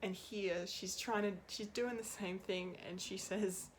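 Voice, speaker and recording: A pop culture reviewer with a mid-range, steady, unhurried voice gives an unscripted review of a TV episode, with slight background noise. She rambles and gets emotional, laughing often and swearing now and then.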